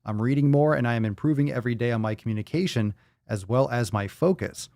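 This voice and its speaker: A man's voice: mid-range voice, fast, darkish tone, no echo. Profane, hyped-up male podcast host. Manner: loose and profane, swinging between hype and mumbling. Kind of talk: casual livestream chat reading viewer posts.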